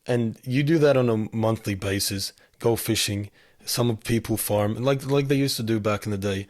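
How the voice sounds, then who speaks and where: A man's voice: on the low side, moderate pace, a little mellow. A man who is a guest on a casual podcast chat, speaking bluntly and opinionatedly and swearing freely.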